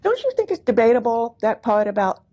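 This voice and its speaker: A woman's voice: on the high side, sing-song, a little fast, dull audio, noisy background. A woman in her sixties telling personal family stories to a live audience in a chatty, laughing, aside-filled way. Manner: chatty, warm anecdotes with frequent laughs and asides. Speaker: speaker at a commemorative gathering. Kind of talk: personal storytelling talk. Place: hall before a live audience.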